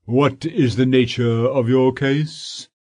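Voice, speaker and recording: Here a man voices a middle-aged solicitor who is fat, pompous and scheming, speaking slowly and sanctimoniously for an audiobook. The pitch sits in the middle, the intonation stays fairly even, and the tone is darkish.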